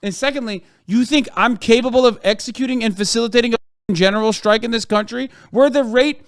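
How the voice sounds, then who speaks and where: American streamer guy ranting and swearing, highish clear voice, dry sound. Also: a little fast, no room sound. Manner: profane, exasperated ranting. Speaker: streamer reacting to news. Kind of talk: livestream reaction commentary.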